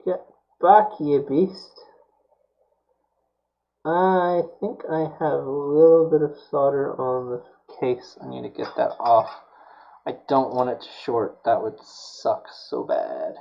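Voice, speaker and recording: A man's voice: medium pitch, measured pace, gravelly, muffled recording. A man streaming while he builds a prop, talking casually and muttering to himself, with mild self-scolding as things go wrong.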